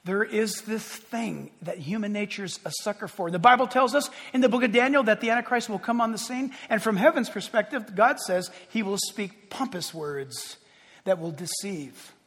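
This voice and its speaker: A male preacher with a high, husky voice delivers an emphatic sermon. He swings between loud declarations and hushed near-whispers. A long reverb rings around him as if in a large hall. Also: moderate pace.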